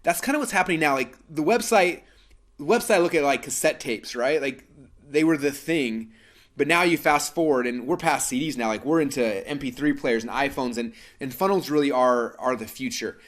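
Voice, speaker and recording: A man in his thirties from Idaho, presenting a live webinar and telling a story in a fast, animated way with many fillers and restarts. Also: medium pitch. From Idaho, USA.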